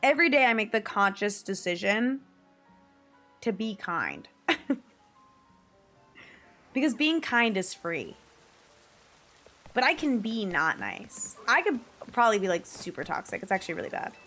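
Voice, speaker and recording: A young woman from the New York/New Jersey area chats casually with her stream viewers while gaming, swearing freely and laughing a lot. Her medium-pitched voice is very animated but a little slow, with frequent pauses and a sharp tone. Soft music plays in the background.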